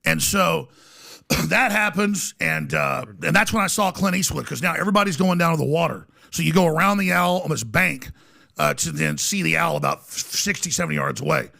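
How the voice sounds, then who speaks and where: Casting note: a rambling studio guest with a very gravelly, bright voice. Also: male voice, a little high, very animated, moderate pace. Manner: rambling, restarts, acts out voices. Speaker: podcast guest. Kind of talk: animated storytelling.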